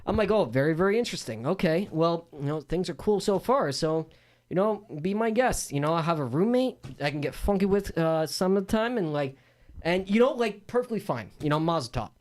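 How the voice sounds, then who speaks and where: Animated storytelling man, lively pitch. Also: normal speed. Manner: animated storyteller, acts out voices, laughs. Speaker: guest, MMA fighter and announcer. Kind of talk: storytelling in casual interview.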